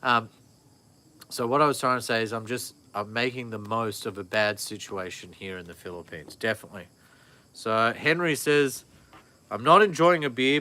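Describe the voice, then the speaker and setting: Bright-voiced chatty man. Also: mid-range voice. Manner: rambling, chatty, self-correcting. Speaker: vlogger. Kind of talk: casual live-stream chat.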